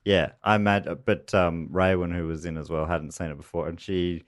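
A man's voice: low-pitched, fairly even intonation, normal speed, no echo. A man hosting a casual podcast chat with dry, teasing humor. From Australia. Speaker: podcast host.

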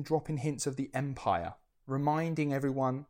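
A man's voice: medium pitch, lively intonation, normal speed, darkish tone. A man hosting a casual history podcast, blunt and sweary, stumbling over restarts as he talks. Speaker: podcast host.

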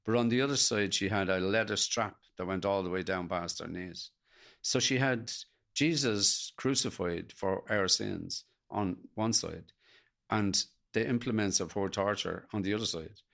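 A man's voice: low-pitched, normal speed, vocal fry, fairly bright tone. An older man with an Irish accent, telling his life story as a guest in an interview, earnest and reflective. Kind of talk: personal storytelling in a podcast interview.

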